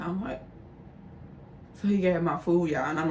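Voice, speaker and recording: A woman's voice: fairly low pitch, a little fast, mellow, distant mic. A young woman tells a casual storytime, chatty and direct with her audience. Her voice sits somewhat away from the mic, with a roomy echo and a faint hum underneath. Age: young adult. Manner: chatty, addresses viewers as y'all. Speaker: vlogger telling a story.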